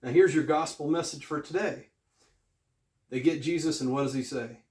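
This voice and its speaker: A man's voice: fairly high pitch, normal speed, a little mellow. A man giving a casual video Bible lesson, conversational and emphatic, often repeating phrases as he explains. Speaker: Bible teacher. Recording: echoey room.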